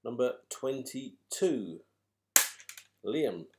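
A man's voice: mid-range voice, expressive, background noise. Wry man calling a raffle. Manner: chatty, wry and unhurried, teasing the players. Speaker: raffle host drawing numbered balls. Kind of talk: live raffle draw commentary.

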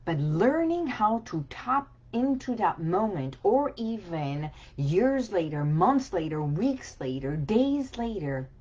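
Woman wellness coach, husky and lowish voice, unhurried soothing delivery. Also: lo-fi sound. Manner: slow, soothing, with soft whispered affirmations. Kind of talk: motivational talk to camera.

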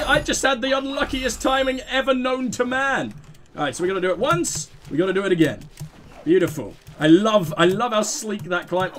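Man, let's play host, excitable, swearing, self-mocking, wildly swinging pitch. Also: a little hiss or hum. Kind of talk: video game commentary.

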